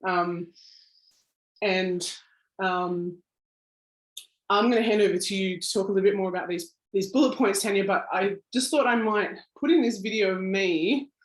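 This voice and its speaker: A woman's voice: medium pitch, normal speed. An Australian woman giving an informal workshop talk, chatty, with lots of fillers and a self-deprecating laugh, heard over a video call. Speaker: workshop presenter. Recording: roomy echo.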